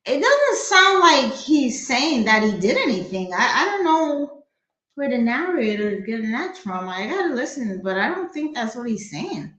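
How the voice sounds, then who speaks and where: A New York woman with a somewhat high, slightly bright voice speaks at a moderate pace with big pitch swings. She gives blunt, skeptical commentary on a crime case during a live stream, talking back at the clip. The recording is rough with a roomy sound.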